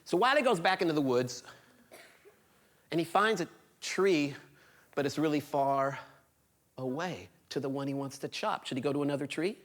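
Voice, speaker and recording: A man's voice: a little high, moderate pace, long pauses. A man telling a folktale live on stage, shifting between character voices. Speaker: storyteller. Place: small concert venue stage.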